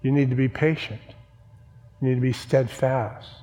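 A man's voice: mid-range voice, steady tone, normal speed, warm tone. Man preaching a sermon in a reverberant hall. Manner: emphatic preaching with repeated phrases and asides to the congregation. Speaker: pastor. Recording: long church reverb.

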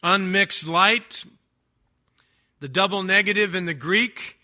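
An older man preaching a sermon, stressing key words slowly and swinging between loud declarations and quiet asides. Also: sits high. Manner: emphatic preaching, stretching key words, rising and dropping loudness. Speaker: pastor.

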